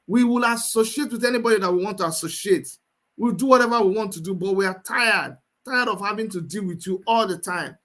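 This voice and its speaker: A man's voice: sits high, fairly bright tone. A man with a Nigerian accent hosting a livestream, speaking with passion, repeating phrases for emphasis and reading out viewer comments. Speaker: livestream host.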